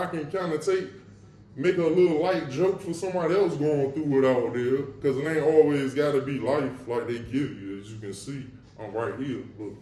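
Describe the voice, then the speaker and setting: A man tells a personal story in a loose, slangy monologue, blunt and profane, with wry humor about grim memories. His voice sits a little high for a man. He is heard a bit away from the mic in an echoey room. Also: mellow, recorded from a distance, a little hiss or hum. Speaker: podcast host recounting his past.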